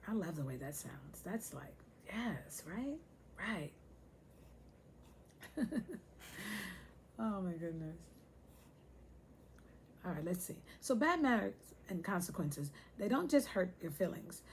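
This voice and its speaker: A woman's voice: on the low side, big pitch swings, a little slow, slight background noise. A woman hosting a casual talk to her viewers, chatty and playful, speaking to them directly. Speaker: host.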